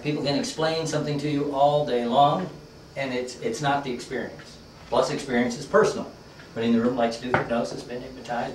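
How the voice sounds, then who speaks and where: A man's voice: mid-range voice, echoey room, recorded from a distance, slight background noise, rough recording. A man teaching a workshop class, telling a story in a conversational, folksy way with lots of fillers. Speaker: workshop trainer.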